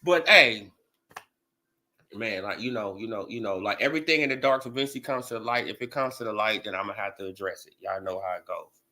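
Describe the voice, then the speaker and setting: A man's voice: lowish voice, fairly quick. A man ranting casually about boxing on a livestream, full of laughs and repeated fillers. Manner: laughing, animated, repetitive fillers. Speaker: boxing commentator.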